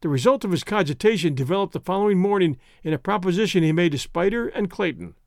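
A man narrating an adventure story in a measured, dramatic reading. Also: high voice, lively intonation, no room sound, clean studio sound. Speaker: audiobook narrator. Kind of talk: scripted narration.

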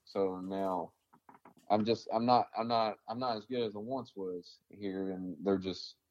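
A man's voice: lowish voice, fairly even intonation, measured pace, a little mellow, highs cut off. A man from the American South, an army veteran, telling his stories bluntly in a casual interview, swearing often and rambling with many fillers.

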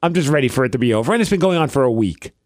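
A man's voice: mid-range voice, racing, dry recording, studio quality. A man in his thirties, a podcast co-host, telling a story in casual chat and acting out the lines he quotes. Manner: animated storytelling, acts out quotes.

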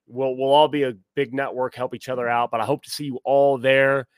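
A man guesting on a sports podcast, relaxed and chatty. His voice is smooth and clear, and the recording is dry with no room sound. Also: medium pitch, brisk, no echo. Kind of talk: casual sports chat.

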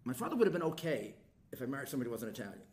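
A man's voice: medium pitch, racing, slight background noise. An older man, a guest in a casual chat, telling family stories and acting out his relatives' voices. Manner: animated storyteller, acts out relatives' voices. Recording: roomy room echo.

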